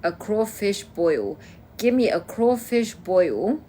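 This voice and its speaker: A woman's voice: on the low side, expressive, takes it slowly, darkish tone, slightly rough. A young woman from Kosovo chatting casually on a livestream, answering her viewers' comments as they come in. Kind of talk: casual live-stream chat.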